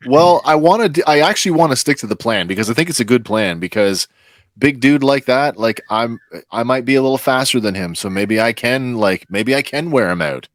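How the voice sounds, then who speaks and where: A man's voice: medium pitch, animated, a little fast, no echo. A man at a tabletop game talks through his choices, hesitant and full of uhs. The recording is dry and close, with no room sound. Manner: hesitant, thinks aloud with many uhs. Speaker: player. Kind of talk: casual tabletop play.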